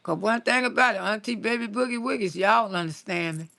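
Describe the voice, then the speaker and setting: Brisk and mid-range, this woman's voice has vocal fry and sounds pushed and bright. She's a sixtysomething comedian chatting casually on a live stream, reading viewer comments, bluntly and saltily telling stories and scolding, laughing often.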